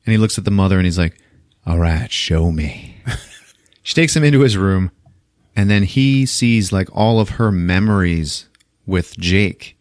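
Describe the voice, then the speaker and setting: A man's voice: lowish voice, moderate pace, darkish tone, no echo, clean studio sound. A man hosting a podcast, casually recapping a film in loose, profane storytelling and voicing the characters as he goes. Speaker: podcast host.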